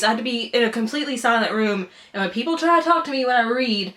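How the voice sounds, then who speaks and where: A woman's voice: a little high, fast, fairly bright tone. A woman hosting a casual unboxing vlog, chatty and playful, teasing herself as she talks. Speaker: book subscription vlogger.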